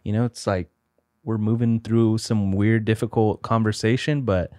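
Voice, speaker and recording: A man's voice: on the low side, fairly even intonation, normal speed, mellow, no room sound, studio quality. A man co-hosting a faith podcast, talking in an earnest, reflective and emphatic way. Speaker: podcast co-host.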